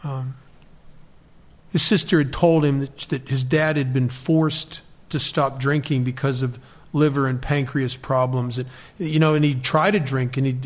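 A man telling a personal recovery story in an earnest, halting way, often restarting and quoting the people involved. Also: medium pitch. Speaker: recovery speaker sharing a story.

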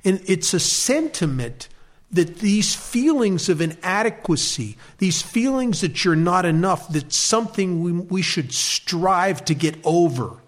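American man, fairly high voice, wry and self-mocking; telling his recovery story to a meeting. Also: expressive, measured pace. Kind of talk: personal recovery talk.

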